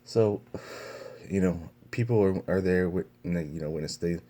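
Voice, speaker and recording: Low husky-voiced young man telling a story. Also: unhurried, dark tone. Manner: profane, rambling telling full of fillers and restarts. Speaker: vlogger. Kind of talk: casual storytelling vlog.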